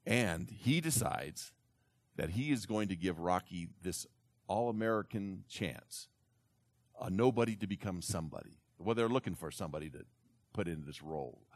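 Man with lowish voice spinning a story for a crowd, does little voices, dry sound. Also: no room sound. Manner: animated retelling, slips into character voices. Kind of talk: storytelling talk to an audience.

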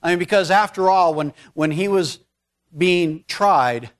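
A high-voiced man retelling a scripture story from the pulpit. He talks in a conversational, folksy way, drifting into casual asides as he preaches. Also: a little slow, clean tone. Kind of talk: storytelling sermon.

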